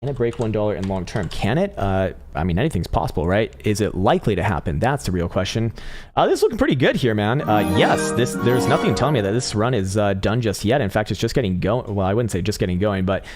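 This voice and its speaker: A man's voice: fairly low pitch, big pitch swings, fast talker, over music. A young man hosting a crypto trading livestream, talking through charts in a blunt, profane, casual way and laughing often. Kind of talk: casual live chart analysis.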